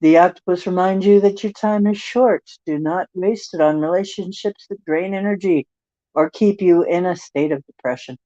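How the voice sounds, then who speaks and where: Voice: mid-range voice, normal speed, mellow. An older tarot reader on a livestream, reading card texts with rambling, joking asides. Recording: dry, dull lo-fi stream audio.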